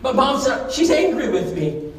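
A man voicing a teenage girl who stammers and pushes her voice high, heard in a big echoey church from a distance. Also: sing-song, moderate pace. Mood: distraught. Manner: breathless, stammering, rising pitch. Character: teenage girl, eager then distraught. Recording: echoey church hall from far off.

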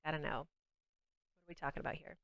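She's a young woman with a Southern US accent, casually and cheerfully talking to her chat during a game livestream. Her low voice moves fairly quickly, shows vocal fry and has a fairly bright tone. There's no echo, though the highs are cut off.

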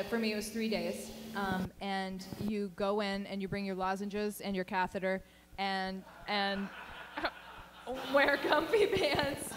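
A woman in her forties, an author, telling stories at a live book event, self-deprecating and laughing often. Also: medium pitch. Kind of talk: casual conversational storytelling. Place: bookstore event room. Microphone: handheld mic at a live event. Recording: live event audio with long reverb and audible noise.

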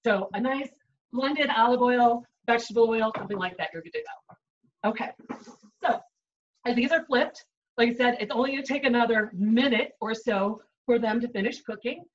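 Recorded from a distance with the highs cut off and a little hiss or hum, a chef instructor with a Chicago accent demonstrates a recipe at home. She speaks at normal speed in a fairly high voice, chatty and explanatory, sprinkling in "right?" and "um" as she cooks.

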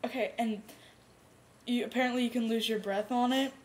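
A woman vlogger telling a rambling, animated story in casual chat with a friend. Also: fairly high pitch. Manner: rambling animated storytelling, bursts of fast talk.

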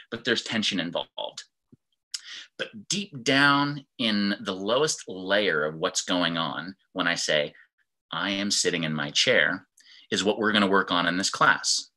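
Bright-voiced man teaching an online class. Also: lowish voice. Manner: animated, acts out example sentences in varied tones. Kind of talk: online class lecture with screen share. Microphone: video call.

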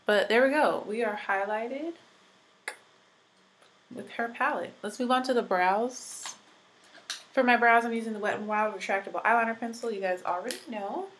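A woman's voice: a little high, moderate pace, long pauses, fairly bright tone, a little hiss or hum, poor audio. A woman in her twenties chatting casually through a makeup tutorial, rambling with lots of fillers, recovering from being sick. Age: 20s. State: recovering from illness. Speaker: beauty vlogger.

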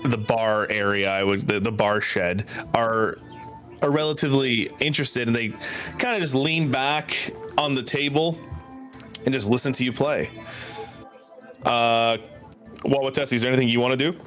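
A man narrates as game master, his pitch in the middle range. His delivery is loose and halting, full of fillers. Faint music plays underneath. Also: steady tone, a bit bright.

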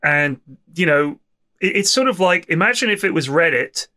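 A man's voice: fairly high pitch, animated, normal speed, bright, forceful tone. A man with children hosting a podcast, reading out listener mail in casual, emphatic chat with stammering restarts. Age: adult with children. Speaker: podcast host reading the mailbag.

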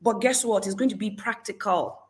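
A woman hosting a livestream, giving an animated, exclamatory faith talk and greeting viewers in the chat. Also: medium pitch, a little fast. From Nigeria. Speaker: livestream host.

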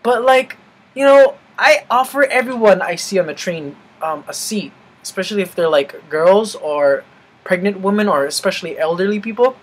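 Young man, husky voice, animated swearing rant, casual vlog delivery. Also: high-pitched, normal speed, low-quality recording. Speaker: vlogger.

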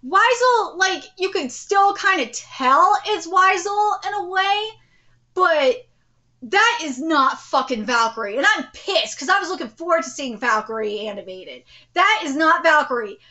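A woman hosting a live anime reaction, outspoken and swearing freely, breaking into excited exclamations. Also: extremely high pitch, a little slow.

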